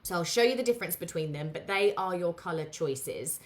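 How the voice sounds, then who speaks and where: A woman hosting a live craft lesson, chatting warmly with viewers and greeting them by name, with plenty of ums. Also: on the low side, animated, a little fast. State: out of breath. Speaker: craft tutorial host.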